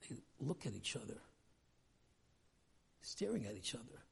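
A man's voice: medium pitch, very animated, a little slow, gravelly, husky. A man giving a weekly religious talk, telling a story animatedly and acting out the people in it. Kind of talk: storytelling sermon.

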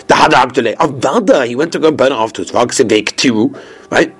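A man giving a daily Talmud lesson, lecturing quickly and mixing Hebrew and Aramaic terms into his English. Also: medium pitch, husky. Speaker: Talmud teacher.

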